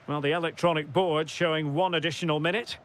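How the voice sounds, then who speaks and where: A man's voice: fairly high pitch, steady tone, fast talker, a little hiss or hum, lightly acted. A man voicing a football play-by-play commentator in a video game, calling the action in short bursts that rise sharply at chances and goals. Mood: lively.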